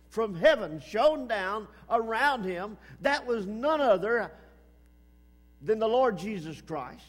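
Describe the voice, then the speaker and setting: A man preaching a sermon with emphasis, repeating his phrases and swinging between loud and hushed. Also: high voice, big-room sound.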